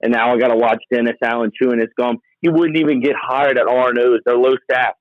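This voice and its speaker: A man's voice: medium pitch, steady tone, fast talker, dry recording. Worried male caller on a tinny phone line. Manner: worried, chatty. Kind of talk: call-in sports talk.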